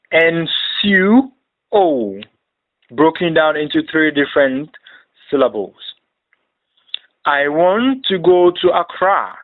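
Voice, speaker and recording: A man narrating a beginner language lesson, reading each phrase and repeating it slowly. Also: high voice. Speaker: language teacher. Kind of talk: slow instructional narration. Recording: tinny phone-like sound.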